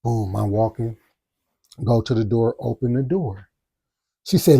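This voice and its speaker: Male podcast host, dark and mellow, animated storyteller who does his own sound effects. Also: mid-range voice, a little slow, gravelly, breathy edge, no echo, clean studio sound. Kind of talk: casual storytelling.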